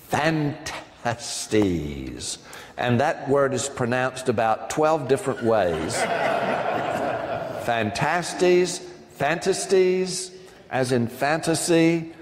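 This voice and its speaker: Slow-paced male lecturer in a reverberant hall. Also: medium pitch, slight background noise. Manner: discursive, with frequent ums and asides to the audience. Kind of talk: academic lecture to a live audience.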